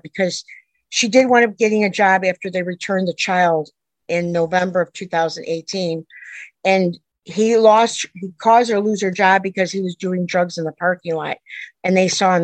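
Low-voiced middle-aged woman telling a story. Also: normal speed, no room sound, poor audio. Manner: earnest, rambling retelling that jumps back and forth in time. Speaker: interviewee, a mother telling her daughter's story. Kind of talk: personal storytelling.

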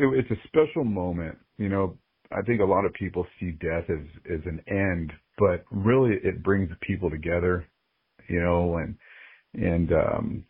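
A man's voice: low-pitched, husky, no echo. A man speaking as a podcast guest, earnest and openly emotional as he reflects candidly on his life. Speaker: guest, sports ring announcer. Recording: phone-like narrow-band audio.

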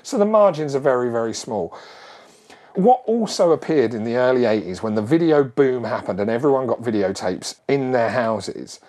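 A middle-aged man, talking in a relaxed, storytelling way. His voice sits in a middle pitch, and he rambles on with lively asides. It sounds like casual conversation rather than anything scripted. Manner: animated, rambling, quick asides.

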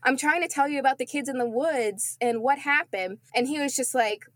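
A young adult woman telling a childhood story to friends in a casual, animated way, swearing, mocking herself and laughing often. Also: high voice, a little fast, dry recording.

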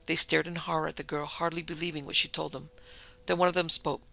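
A man narrating a dark story in a measured, dramatic way. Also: a little high, flat delivery, creaky, low-quality recording.

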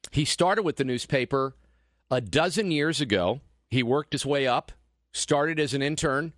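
A man's voice: mid-range voice, a bit bright, dry recording. A man hosting a talk radio show, delivering an opinionated, sarcastic monologue into a studio microphone. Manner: sarcastic, mocking.

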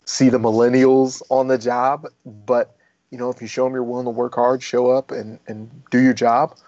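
A man who used to be a Marine and is now a firefighter talks in a loose, rambling way. He swears freely and perks up when he retells a story. His voice sits at an ordinary pitch, and the recording is dull and muffled. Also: normal speed, no echo. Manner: rambling, profane, animated when retelling stories. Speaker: guest, former Marine turned firefighter. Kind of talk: casual interview storytelling.

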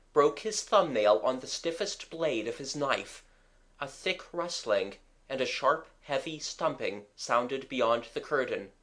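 Audiobook narrator, unhurried, lively pitch, expressive storytelling. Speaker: audiobook reader. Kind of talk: scripted narration.

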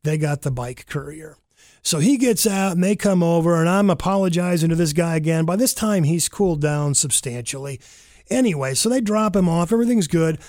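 A man casually recounting a personal mishap, animated and rambling, with fillers and self-corrections. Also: a little high, fairly quick, no room sound, studio quality. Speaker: storyteller.

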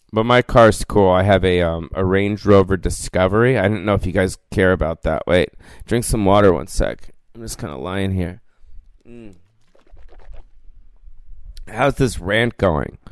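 A man in a solo podcast rant with a lowish, smooth, resonant voice. He rambles loosely and swears freely, tossing in "you know what I mean?" again and again. The recording is dry and close, with no room sound. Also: no echo. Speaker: podcast host. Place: lying down indoors.

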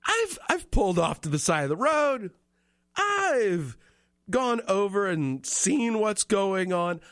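A man hosting a home improvement radio show, telling a story in an animated, self-mocking way and acting out the dialogue. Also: high-pitched, slow, dry recording, studio quality. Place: radio studio.

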